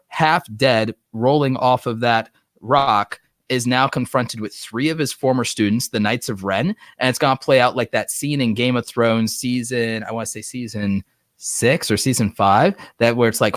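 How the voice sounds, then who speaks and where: A man hosting a live online show, talking excitedly in a rambling way and saying "like" a lot. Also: medium pitch, moderate pace, dry recording, clean studio sound. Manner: excited, rambling, heavy use of "like". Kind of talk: casual livestream chat. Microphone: online streaming setup.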